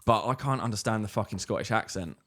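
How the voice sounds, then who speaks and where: Brief: rapid-fire man, podcast host, low-ish voice, swears and jokes. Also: a bit bright. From Kent, England. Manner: quick, sweary, joking interviewer. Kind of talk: casual chat.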